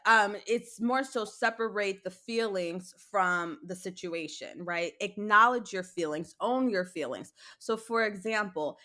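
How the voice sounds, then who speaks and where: A woman guest psychologist explaining ideas step by step in a conversational interview, animated when acting out examples. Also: medium pitch, measured pace, hardly any pauses. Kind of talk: conversational advice.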